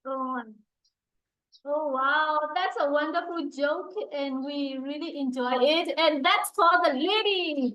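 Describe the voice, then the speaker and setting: Cheerful high-voiced woman hosting. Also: low-quality recording. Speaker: meeting host. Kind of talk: hosting a speaking club.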